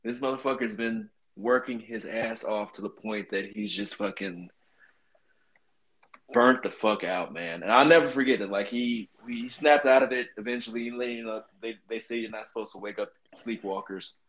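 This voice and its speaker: Profane army veteran telling war stories. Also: male voice, fairly low pitch, moderate pace, rough recording. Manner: profane, animated storyteller. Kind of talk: casual storytelling.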